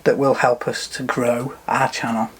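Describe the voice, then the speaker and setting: A man co-hosting a relaxed chat in an easygoing, dry manner at a middling pitch. He handles the sign-offs in a loose, unhurried way. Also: a little hiss or hum. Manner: easygoing, dry, fond of impressions. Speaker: co-host. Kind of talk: casual podcast chat.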